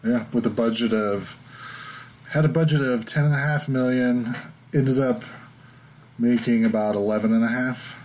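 A man co-hosting a podcast, calmly adding facts and short acknowledgements. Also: mid-range voice, moderate pace, a little hiss or hum, low-quality recording. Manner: calm and matter-of-fact, with short acknowledgements. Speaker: podcast co-host. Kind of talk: casual movie review chat.

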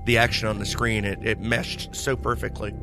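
A man co-hosting a casual film review chat, speaking in a hesitant, halting way with many pauses. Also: fairly low pitch, level tone, creaky, over music. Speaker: podcast co-host.

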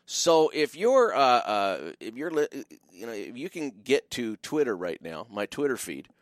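A man's voice: mid-range voice, very animated, a little slow, dry recording, studio quality. A man hosting a call-in radio show as a pastor, preaching fervently and emphatically, often restarting his words.

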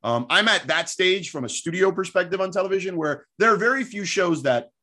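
A sports broadcaster in his forties tells his stories with animated energy. His voice sits fairly high for a man. He rambles through them, full of fillers, in a loose conversational style. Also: brisk. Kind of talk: casual storytelling interview.

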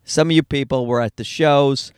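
Middle-aged Newfoundland comic, rapid-fire and self-mocking, dry close-up sound. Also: male voice, medium pitch, steady tone, clean tone, dry recording. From Newfoundland, Canada. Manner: fast-talking, profane, self-deprecating. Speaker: stand-up comedian, podcast host. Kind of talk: casual rambling monologue. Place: in a car.

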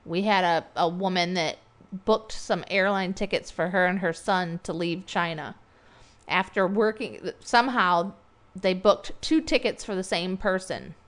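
A woman's voice: on the low side, unhurried. Chatty woman telling stories, acting out quotes. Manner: chatty storyteller, laughs and acts out quotes. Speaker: podcast co-host. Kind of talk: casual chat.

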